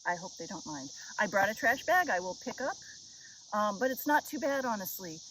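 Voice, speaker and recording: A woman's voice: mid-range voice, very animated, a little fast, bright, forceful tone, a little hiss or hum, rough recording. A woman chatting casually to her viewers in a rambling, self-deprecating vlog, recorded on a head-mounted camera outdoors on a river island. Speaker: vlogger. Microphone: head-mounted action camera. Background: insects and nature sounds.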